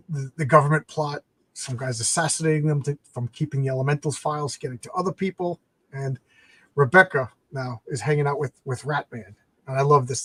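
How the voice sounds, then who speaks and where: A man's voice: on the high side, no room sound. A man hosting a casual late-night comics live stream, rambling as he retells comic plots.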